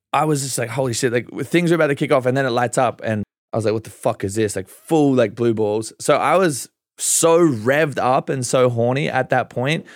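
A young man talking on a podcast, rambling through a story at a medium pitch. He swears freely and fills his sentences with "like". The sound is dry and close, with no room echo. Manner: rambling, swearing, heavy filler 'like'. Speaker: podcast guest. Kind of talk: casual storytelling chat.

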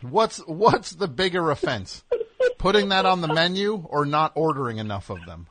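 A man's voice: fairly high pitch, very animated, moderate pace, a bit bright, slight background noise. A man hosting a comedic radio call-in show, sarcastic and mock-scolding with callers, rambling through fillers. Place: radio studio.

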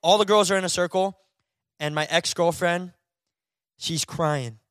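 A young man co-hosting a podcast, telling a story in a loose, animated way, full of "bro" and "like". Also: high voice, measured pace, no echo, studio quality. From Florida, US. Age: young adult. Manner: animated storyteller, acts out voices, lots of "bro" and "like". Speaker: podcast co-host. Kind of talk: casual storytelling chat.

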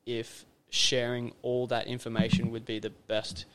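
A man's voice: mid-range voice, completely flat delivery, measured pace, a bit bright, slight background noise. Rambling young man. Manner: rambling, loose storytelling with many fillers. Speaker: podcast guest. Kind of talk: casual conversation.

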